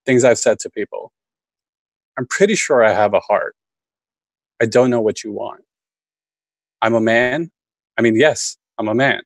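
A man's voice: medium pitch, measured pace, pauses often, no echo, rough recording. A man reading his own list poem aloud at a student reading, understated and dry. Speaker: MFA student reader.

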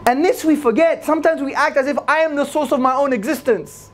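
A man giving an energetic religious lecture to a live audience, repeating key phrases for emphasis. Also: a little fast. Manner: swings between loud high emphasis and low asides. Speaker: Islamic lecturer.

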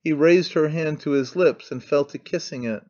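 A male audiobook narrator reads in a measured, even storytelling way. His voice sits a little high, and the recording sounds dull and lo-fi. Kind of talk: scripted narration.

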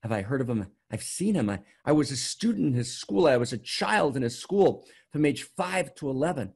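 A man's voice: medium pitch, animated, normal speed, vocal fry, a little mellow, breathy edge. A man voicing a broken old hunchback street sweeper in a grave, plain retelling.

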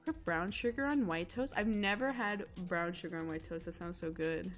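A woman's voice: fairly low pitch, moderate pace, faint music behind. A young woman chatting casually with her chat while she draws, giggling often and rambling about food. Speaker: illustrator streaming live drawing.

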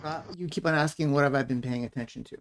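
A man's voice: medium pitch, fast talker, slight background noise. A man giving blunt, critical public comment at a town forum over a video call, repeating his points. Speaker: resident commenter.

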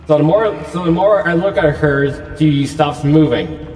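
A man's voice: fairly high pitch, measured pace, darkish tone, echoey room, in a large hall, recorded from a distance, faint music behind. A man nervously commenting while playing a horror game, repeating himself as he frets. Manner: anxious, repetitive muttering. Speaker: gaming YouTuber.

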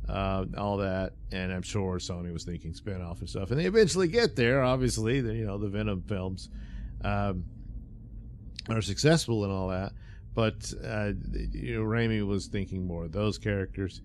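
Rambling, low-voiced man reviewing a movie. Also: expressive, moderate pace, slight background noise. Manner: rambling, sarcastic, lots of fillers and chuckles. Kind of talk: casual film review monologue.

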